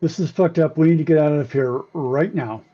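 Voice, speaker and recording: A man playing a tabletop game talks haltingly and stumbles over his words. His voice is warm and mellow. The recording has a dull lo-fi sound. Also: a little high, soft background music. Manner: hesitant, halting, full of ums. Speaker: player. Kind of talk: casual tabletop play.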